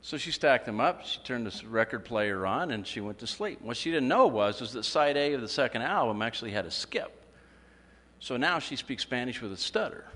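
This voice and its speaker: A man's voice: mid-range voice, expressive, normal speed, a bit bright. A man giving a humorous speech at a club meeting, telling jokes and acting out quotes. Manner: joke-telling with acted quotes. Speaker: club speaker. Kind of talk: humorous after-dinner speech. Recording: echoey hall, faint ambience.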